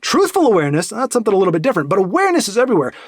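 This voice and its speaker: Fast, animated man rambling in a monologue. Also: high voice, dry recording, clean studio sound. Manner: rambling, animated, many restarts. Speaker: podcast host. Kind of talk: casual monologue.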